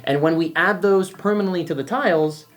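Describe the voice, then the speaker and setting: Low-pitched woman chatting through game setup. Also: fairly quick. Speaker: board game channel host.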